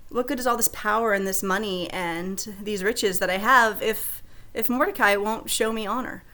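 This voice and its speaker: A woman's voice: medium pitch, normal speed, pushed and bright, natural voice. A woman putting on a whiny voice for a self-pitying man who complains to his family.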